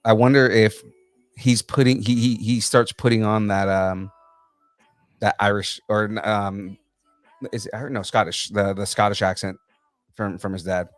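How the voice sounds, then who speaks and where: A man's voice: on the low side, steady tone, normal speed, no room sound, faint music behind. A man co-hosting a casual pop culture podcast, talking enthusiastically and rambling with lots of fillers. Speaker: podcast co-host.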